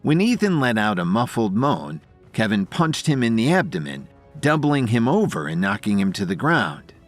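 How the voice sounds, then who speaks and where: Low guy narrating audio drama, pretty expressive, soft music behind. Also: normal speed. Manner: dramatic storytelling.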